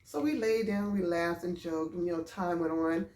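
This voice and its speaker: A woman telling a storytime vlog about a date, animated and exclaiming as she goes. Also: on the low side, normal speed. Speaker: vlogger. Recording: roomy echo.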